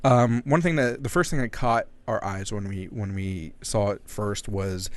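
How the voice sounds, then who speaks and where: A man's voice: fairly low pitch, measured pace. A man co-hosting a casual gaming podcast, teasing his partner and joking between points. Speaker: podcast co-host. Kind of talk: casual gaming news chat.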